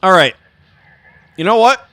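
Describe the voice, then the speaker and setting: A young man streaming a game live, chatting to his viewers in an excitable, playful way. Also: high-pitched, measured pace, no room sound. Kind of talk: live game commentary with chat.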